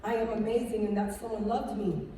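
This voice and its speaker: Animated woman in an echoey hall. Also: mid-range voice, brisk, recorded from a distance, slight background noise. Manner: animated, conversational, checks in with audience. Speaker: speaker giving her testimony. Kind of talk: church testimony talk. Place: large hall.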